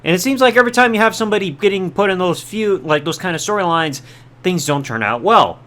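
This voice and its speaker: Lively high-pitched male podcast host. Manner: chatty, quick asides, quotes characters mid-story. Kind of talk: casual recap of old wrestling storylines.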